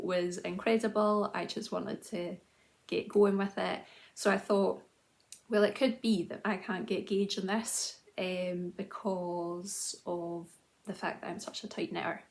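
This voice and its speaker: A woman's voice: medium pitch, a little mellow. A woman in her thirties chatting casually to camera as host of a knitting video journal, self-deprecating, with frequent ums and restarts. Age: 30s.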